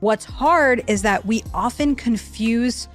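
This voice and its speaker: Woman, dating-advice explainer, earnest teacherly delivery, fairly high voice. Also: takes it slowly, soft background music.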